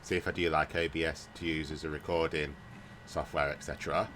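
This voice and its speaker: A man's voice: rumbling low, level tone, brisk, fairly bright tone, slight background noise. A man casually commenting on a game he is playing, thinking aloud in a hesitant, rambling way, groggy from a nap and bothered by hiccups and burps. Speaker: gaming YouTuber. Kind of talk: casual let's-play commentary. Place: at home, recording without a camera.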